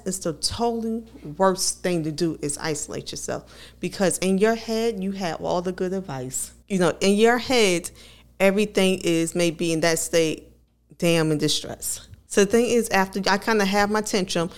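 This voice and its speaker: A woman co-hosting a podcast, talking candidly and laughing often as she tells personal stories. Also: on the low side. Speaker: podcast co-host. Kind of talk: casual conversational podcast.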